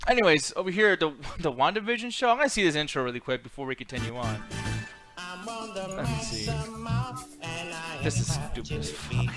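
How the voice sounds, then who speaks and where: A man co-hosting a casual chat show, loud and swearing, often breaking into laughter. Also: on the high side, sing-song, fairly quick, long pauses, faint music behind. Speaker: co-host.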